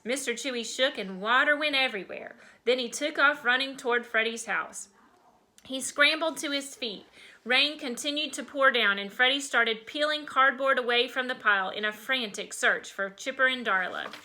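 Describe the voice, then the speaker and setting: A woman who teaches first grade, reading a chapter book aloud to her class with slow, expressive storytelling. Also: high voice, poor audio.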